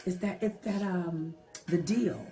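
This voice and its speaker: A woman hosting a late-night livestream from home, chatting softly and reading viewer comments aloud. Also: fairly low pitch, takes it slowly. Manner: chatty, talks to viewers as y'all, soft half-whispered. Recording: faint music behind the voice. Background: old-school music playing.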